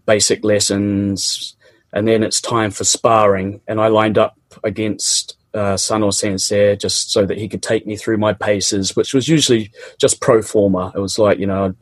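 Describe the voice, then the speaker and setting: A man's voice: on the low side, dry recording. A middle-aged man with a New Zealand accent, casually and animatedly telling a personal story, often laughing.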